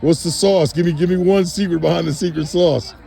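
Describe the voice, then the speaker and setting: A man's voice: a little high, steady tone, fairly quick, vocal fry, dark tone. A man playfully interviewing people at an outdoor football practice, teasing and hyping them up. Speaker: sideline interviewer. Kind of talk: casual sideline interview.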